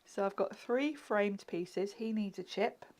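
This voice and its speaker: A woman's voice: medium pitch, a little slow, darkish tone, slight background noise. A woman chatting and giggling through a live card-making demonstration, often dropping to a murmur as she works. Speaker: craft demonstrator.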